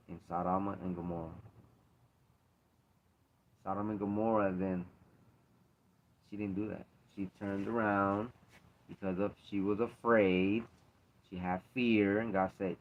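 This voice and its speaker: A man's voice: low-pitched, steady tone, measured pace, long pauses, slight background noise. A man in a casual faith talk, speaking earnestly and emphatically, repeating himself to drive points home. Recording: dull lo-fi recording.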